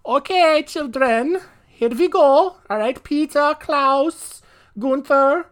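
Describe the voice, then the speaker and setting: A man's voice: takes it slowly, fairly bright tone, heavily acted. A man putting on an exaggerated German accent to voice a drunken abusive father. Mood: mock-cheerful. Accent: put-on German accent. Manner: high-pitched mock-formal announcing.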